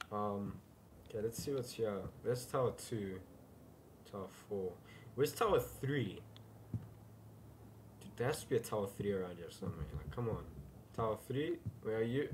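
A young man with a fairly low, lively voice narrates his horror game playthrough at a normal pace, leaving long pauses, with a little hiss or hum in the audio. He's a gaming YouTuber whose casual commentary is jumpy, full of "dude," and punctuated by startled shouts.

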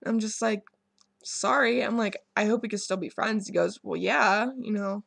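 A young woman talks straight to her camera, telling a personal story in a loose, rambling way full of ums and false starts. Her voice has a gravelly, fry-laden edge, and the room sounds dry and close. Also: mid-range voice, normal speed, a bit bright, dry recording. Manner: rambling, many ums and restarts, candid. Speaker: vlogger.

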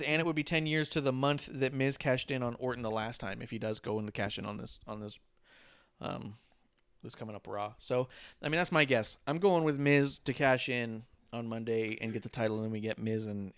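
A man's voice: medium pitch, steady tone, fairly quick, a bit bright, clear, resonant tone, no echo. A man co-hosting a podcast, rambling in casual chat, swearing freely and chuckling. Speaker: podcast co-host.

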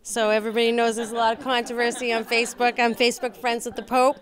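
A woman's voice: on the high side, monotone, fast talker. A woman host and local official giving an earnest talk show monologue, rambling with many ums and restarts.

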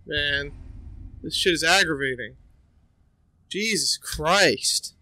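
A man's voice: fairly high pitch, takes it slowly, pauses often, bright, forceful tone, dry recording, poor audio. A young man giving gameplay commentary, swearing constantly and ranting at the game in exasperation. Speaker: gameplay streamer. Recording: game music behind voice.

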